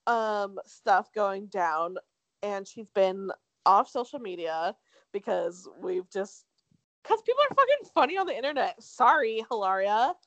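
A woman's voice: medium pitch, sing-song, measured pace, no echo. A young woman co-hosting a podcast, gossiping casually in slangy, laughing chat. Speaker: podcast co-host.

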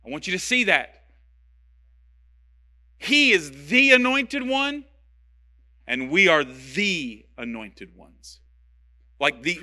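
High, sharp-voiced passionate preacher man. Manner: passionate, emphatic, repeats phrases for stress. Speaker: pastor. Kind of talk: sermon.

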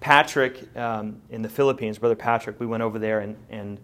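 A man, preaching a sermon in a relaxed, joking, storytelling way. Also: fairly low pitch, a little fast. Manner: conversational and storytelling, with lively jokes and asides. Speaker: pastor.

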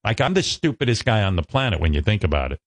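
A man in his sixties from the New York area, a radio host telling stories in an animated, self-mocking, profane way. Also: on the low side, fast, no echo, studio quality. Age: 60s. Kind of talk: casual chat.

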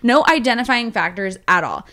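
A woman's voice: fairly high pitch, sing-song, normal speed, pushed and bright. A young woman hosting a podcast, telling a story in casual chat, swearing freely and mimicking the people in it. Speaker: podcast host.

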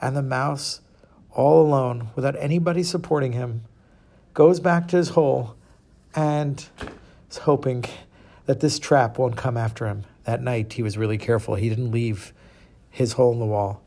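A man telling a moral fable to listeners in a casual, animated way, with small restarts. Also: medium pitch, moderate pace, creaky. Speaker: storyteller.

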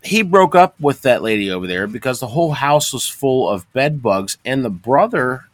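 A man's voice: mid-range voice, expressive, moderate pace, no echo. Podcast co-host, male, rambling storyteller, profane, dry mic. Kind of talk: crude casual chat.

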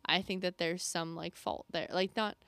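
A woman's voice: fairly low pitch, normal speed, no echo. Chatty young woman, dry close sound. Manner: animated, chatty, many fillers. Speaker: podcast co-host. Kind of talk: casual faith chat.

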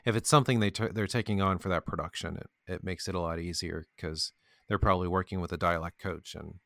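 A man's voice: low-pitched, steady tone, quick pace, vocal fry, fairly bright tone, dry recording. A man co-hosting a podcast in casual chat, rambling with restarts and laughing at his own jokes. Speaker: podcast co-host.

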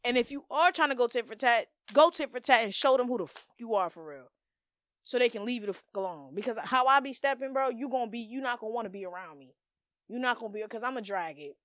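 Young woman, podcast host, blunt, profane, slangy, emphatic, higher voice, dry sound. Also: expressive, fast talker, a bit bright, no room sound. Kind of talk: casual monologue.

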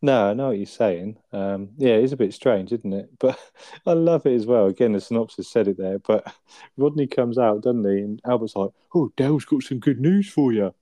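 A man's voice: on the low side, moderate pace, warm tone, no echo. A man in casual chat, retelling sitcom scenes with frequent laughter and swearing. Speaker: podcast co-host.

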